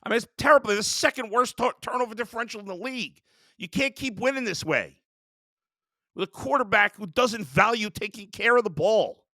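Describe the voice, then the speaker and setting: A man's voice: high voice, expressive, a little fast, bright, forceful tone, no echo, studio quality. A man hosting a sports show, ranting in a heated, exasperated way about his team. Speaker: sports talk host. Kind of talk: sports rant.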